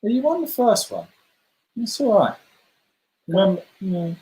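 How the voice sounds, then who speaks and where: This man's voice sits high and sounds dark, with lively intonation and an unhurried delivery. Leading a kids' club, he hosts a letter-guessing game on a video call, chatting warmly and cheering players on by name. There's a roomy echo on the recording.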